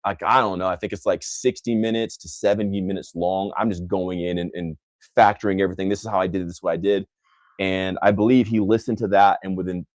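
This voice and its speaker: Intense low-voiced man, dry close sound. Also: darkish tone, dry recording. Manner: intense, emphatic, repeats phrases for effect; scornful toward critics. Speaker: host answering live comments. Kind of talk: motivational livestream talk.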